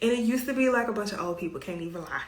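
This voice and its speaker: A woman with a Southern US accent hosts a casual self-care talk, chatty and emphatic with playful asides. Her voice sits at an ordinary middle pitch. The room around her rings with audible echo. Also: animated, rapid-fire. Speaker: self care coach and host. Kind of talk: casual advice monologue.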